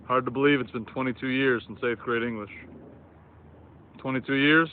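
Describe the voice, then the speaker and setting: A man in his thirties, a former student, offers an earnest, measured and somewhat formal tribute to his old English teacher. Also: medium pitch, steady tone. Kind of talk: recorded video tribute. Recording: tinny phone recording with faint noise.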